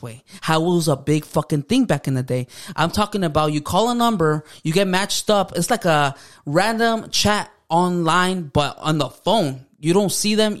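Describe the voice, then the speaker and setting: A young man co-hosting a casual podcast, joking and slangy, dropping Spanish words into his talk. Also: a little high. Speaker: podcast co-host. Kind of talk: casual chat.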